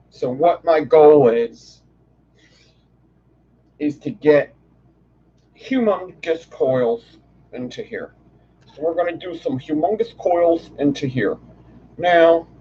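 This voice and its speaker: A man's voice: on the high side, warm tone. Man, casual workshop chat, offhand and profane, faint background hiss. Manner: slow, offhand, swears casually. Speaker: vlogger building vape coils. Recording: dull lo-fi home recording with faint noise.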